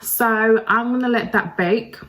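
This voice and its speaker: A woman's voice: a little high, measured pace, a bit bright, poor audio. A woman talking through a makeup tutorial, chatty and self-deprecating, addressing her viewers directly. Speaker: beauty vlogger. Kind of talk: casual makeup tutorial talk.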